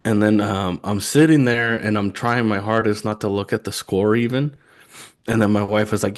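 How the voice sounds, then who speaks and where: A young man co-hosting a casual sports podcast, telling animated stories and laughing often. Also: fairly low pitch, normal speed. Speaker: podcast co-host. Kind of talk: casual chat.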